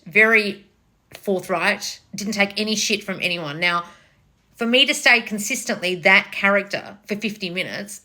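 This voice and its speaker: A woman's voice: fairly low pitch, pushed and bright. A woman giving a blunt, casual motivational talk, swearing freely as she coaches viewers. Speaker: manifestation coach.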